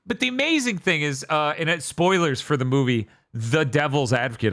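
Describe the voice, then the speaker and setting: A man hosting a podcast, rambling through an animated casual story. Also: fairly high pitch, fairly quick, hardly any pauses, faint music behind. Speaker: podcast host. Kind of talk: casual chat.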